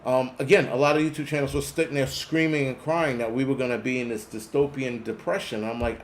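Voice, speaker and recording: A man's voice: mid-range voice, fairly even intonation, brisk, few pauses, slight background noise. Rambling, profane man host. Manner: rambling, profane, reads chat names aloud. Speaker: host of a prepper channel. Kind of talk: casual live-stream chat.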